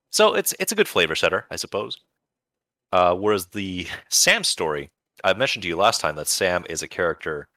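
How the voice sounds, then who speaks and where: A man's voice: low voice, sharp tone, no echo. A man co-hosting a podcast, chatting casually and enthusiastically about video games, rambling with bursts of playful emphasis. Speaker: podcast co-host.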